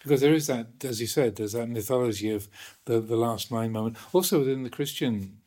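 A man, a Buddhist monk, telling stories in animated conversation with many restarts. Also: medium pitch, fairly quick. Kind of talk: conversational storytelling.

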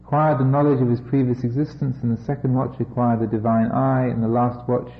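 A man's voice: mid-range voice, level tone, a little fast. Man reading scripture with wry asides. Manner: wry and amused, breaking off for jokes. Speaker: Buddhist teacher. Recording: echoey, slightly dull room recording.

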